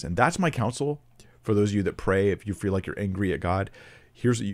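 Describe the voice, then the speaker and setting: Fairly quick and animated, a preacher with a lowish voice delivers a casual Bible teaching in a chatty way. Fillers and restarts show him thinking aloud, and his reading of scripture grows steadily more emphatic.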